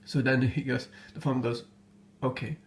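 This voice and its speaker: A man's voice: medium pitch, fairly even intonation, moderate pace, darkish tone, a little hiss or hum. A man casually retelling an old folk tale, hesitant and full of fillers, often amused by his own story.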